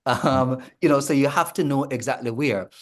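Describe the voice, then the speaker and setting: A man, a language coach explaining in a panel discussion, measured and full of ums and restarts. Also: medium pitch.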